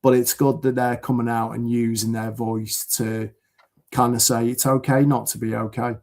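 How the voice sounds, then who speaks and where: Uk guy rambling earnestly on a video call, gravelly, lots of ums. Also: medium pitch, level tone, moderate pace, a little mellow. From United Kingdom. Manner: earnest, rambling with many fillers. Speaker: podcast guest. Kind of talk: casual chat.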